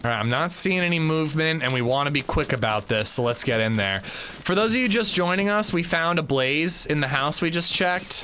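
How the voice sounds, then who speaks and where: This young gamer's voice sits fairly high, with lively intonation, a fairly quick pace and a sharp tone. Streaming his game, he reads chat aloud and replies, chatty, loose and profane throughout. A little hiss or hum runs underneath.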